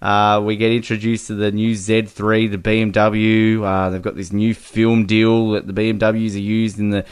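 A man co-hosting a podcast, talking about a film in a loose, casual way. He gets animated as he retells scenes and laughs often along the way. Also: fairly low pitch, normal speed, few pauses, smooth. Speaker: podcast co-host. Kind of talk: casual movie review chat.

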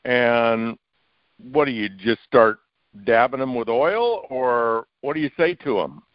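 A man's voice: medium pitch, expressive, slow pace, dull audio. A male interview host who cuts in with direct, probing questions. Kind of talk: casual phone interview.

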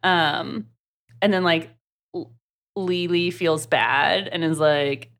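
A woman from the American South with a light Southern accent, co-hosting a podcast and recapping a book in casual, animated chat full of "like.". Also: low voice, takes it slowly. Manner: chatty, animated, many "like" fillers. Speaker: podcast co-host.

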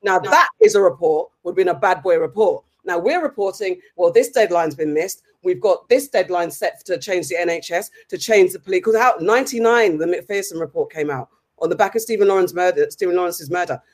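A woman's voice: fairly low pitch, brisk, hardly any pauses. A woman co-hosting a heated casual discussion, impassioned, often restarting and apologizing as she recalls her points. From United Kingdom. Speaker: podcast co-host.

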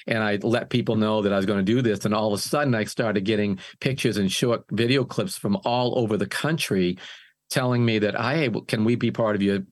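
A man's voice: fairly low pitch, brisk. Older man telling a rambling story. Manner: rambling, restarts phrases often. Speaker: singer and music producer guest. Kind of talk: casual interview storytelling.

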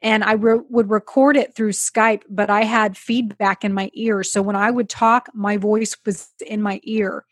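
A woman's voice: medium pitch, flat delivery, a little slow, few pauses, dry recording, studio quality. A woman guest on a podcast, telling stories in a chatty way with many fillers. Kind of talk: casual chat.

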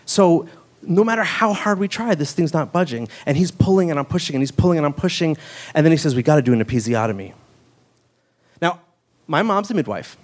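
A man telling a true story on stage, conversational and full of "like" fillers and quick asides. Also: fairly high pitch, expressive. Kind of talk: live storytelling.

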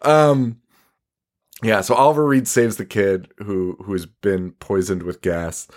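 A man's voice: deep voice, expressive, normal speed. A man hosting a podcast, recapping a movie in casual chat, swearing a lot, laughing often and rambling. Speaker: podcast host.

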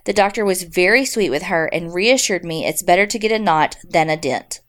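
A woman's voice: fairly low pitch, lively intonation, brisk. Wry woman reading listener stories. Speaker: podcast co-host. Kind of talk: casual chat and reading listener stories aloud.

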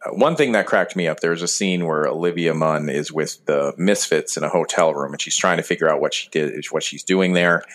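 A man co-hosting a podcast in casual chat, telling stories in an animated way and laughing through them. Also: rumbling low, brisk, hardly any pauses. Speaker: podcast co-host. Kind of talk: casual chat about movies.

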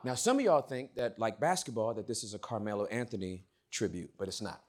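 Animated preacher with wide swings. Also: male voice, fairly low pitch, brisk. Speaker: pastor. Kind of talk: sermon.

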